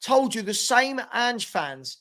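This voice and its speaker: A man's voice: very high-pitched, big pitch swings, slow, bright, forceful tone. Exasperated man hosting a watchalong. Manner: exasperated, groaning at the team, chatting to viewers. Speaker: watchalong host. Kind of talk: live football watchalong commentary.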